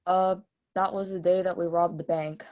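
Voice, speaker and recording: A woman's voice: fairly low pitch, level tone, moderate pace, darkish tone, natural voice. A woman playing a brash young female bank robber, testifying in a casual, streetwise, offhand way over a video call in a mock trial.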